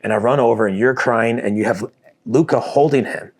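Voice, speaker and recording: Husky-voiced man telling a blunt story. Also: medium pitch, brisk, darkish tone. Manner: blunt, swears often, candid. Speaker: podcast co-host. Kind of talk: casual chat, personal storytelling.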